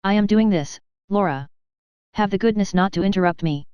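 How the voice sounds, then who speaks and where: A woman's voice: mid-range voice, moderate pace, clean tone, no room sound, dull audio, natural voice. A woman voicing a stern, proud, cold aunt in a storybook, curt and commanding.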